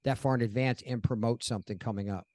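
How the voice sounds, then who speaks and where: A man's voice: medium pitch, fairly even intonation, quick pace, darkish tone, no room sound, studio quality. A man co-hosting a casual podcast, laid-back and chummy. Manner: laid-back, calls people dude and man. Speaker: podcast co-host.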